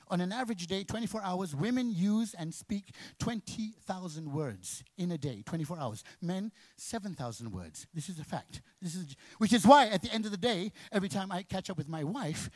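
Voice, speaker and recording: A man from Malaysia, performing an animated stand-up routine on a comedy contest stage and jumping into high, exaggerated voices. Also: normal speed, few pauses, dry recording.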